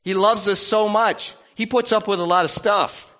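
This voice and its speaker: Male preacher, sermon, playful and animated, high pitch. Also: normal speed. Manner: animated, playful, acts out voices and sounds.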